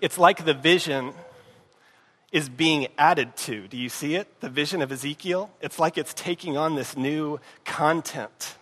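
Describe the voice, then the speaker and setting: A man preaching a sermon in a conversational way, often dropping to a hushed voice and asking the congregation if they are following. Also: fairly high pitch, unhurried. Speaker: pastor. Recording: long hall reverb.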